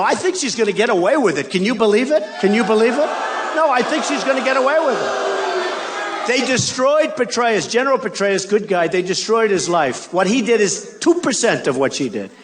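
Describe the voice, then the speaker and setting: Older guy ranting at a rally, pretty high voice, faint crowd noise behind. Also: very animated, moderate pace. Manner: boastful, repetitive, mocking asides. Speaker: political candidate. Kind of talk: rally speech. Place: large arena. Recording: crowd in a big arena. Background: faint crowd and ambience.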